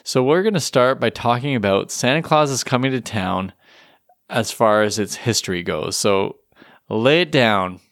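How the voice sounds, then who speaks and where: A man's voice: mid-range voice, animated, normal speed, a bit bright, no echo, studio quality. A man co-hosting a podcast in casual chat, joking and self-deprecating. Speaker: podcast co-host.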